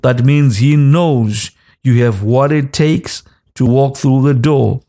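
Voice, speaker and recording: A man preaches in a slow, deliberate cadence, repeating short commands again and again. His pitch sits in an ordinary middle range and often lifts into a half-sung chant. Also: warm tone. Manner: repetitive exhortation, rising into sung cadence; speaks in tongues between exhortations. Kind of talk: sermon.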